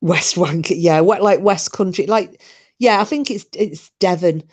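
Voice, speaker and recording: A woman's voice: fairly low pitch, normal speed, darkish tone. A middle-aged woman, hosting a live stream and chatting casually with viewers, rambling and swearing freely. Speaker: livestream host reading chat.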